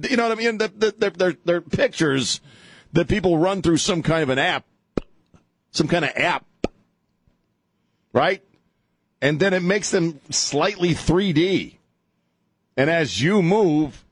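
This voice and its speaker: A man's voice: a little high, unhurried, pauses often, husky, no echo. A middle-aged man hosting a talk radio show, rambling and joking in casual banter from a studio mic. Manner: rambling, jokey, animated, lots of laughs and filler. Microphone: studio microphone.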